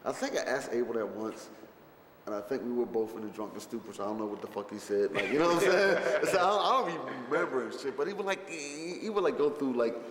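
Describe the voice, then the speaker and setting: A fast-talking rapper with a medium-pitched, lively voice tells rambling stories about a film shoot in an interview, swearing and leaning heavily on fillers. Crowd noise can be heard. It was recorded in a roomy space with long reverb and faint background noise.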